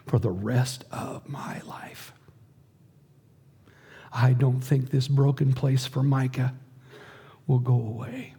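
A middle-aged man preaching a sermon, earnest and slow, dropping to a hush at times. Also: medium pitch, slightly rough. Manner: earnest, slow emphatic delivery with soft, hushed passages. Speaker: pastor.

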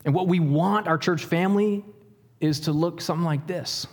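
Male pastor, slightly high voice, lively sermon delivery with asides and humor. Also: normal speed, big-room sound. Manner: animated preaching with jokes and rhetorical questions.

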